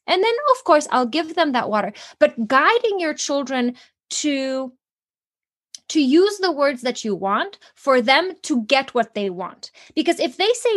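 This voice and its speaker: A woman's voice: high voice, big pitch swings, measured pace, a bit bright. A woman parenting coach, a guest in an interview, explaining earnestly with examples from her own home. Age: adult mother. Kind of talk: interview answers.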